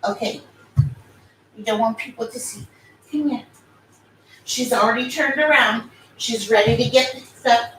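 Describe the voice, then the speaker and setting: A woman's voice: a little high, moderate pace, fairly bright tone, reverberant, a little hiss or hum, poor audio. A woman casually vlogging from her bed, slightly out of breath and cooing baby talk at her dogs. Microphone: phone camera.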